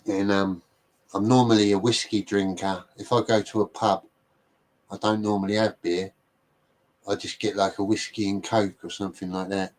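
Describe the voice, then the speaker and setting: A man's voice: on the low side, little pitch movement, normal speed, a little mellow. English man in casual blokey chat. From England. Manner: rambling, self-deprecating, blokey. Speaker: livestream host.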